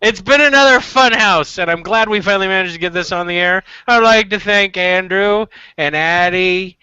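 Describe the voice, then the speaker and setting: A man's voice: high-pitched, moderate pace, bright, forceful tone, clear, resonant tone, no room sound. A man from California hosting a casual web show, telling stories animatedly and acting out quotes, over dull web call audio. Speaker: host.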